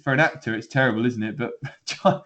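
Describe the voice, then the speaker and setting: A man co-hosts a football podcast in a casual chat, rambling and laughing with lots of restarts. His voice is mid-range and sharp in tone, and he talks fast.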